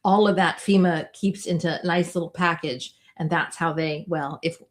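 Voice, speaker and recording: A woman in her fifties co-hosting a casual real estate chat, chatty and animated, laughing often. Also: on the low side, normal speed. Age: 50s. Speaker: realtor podcast co-host.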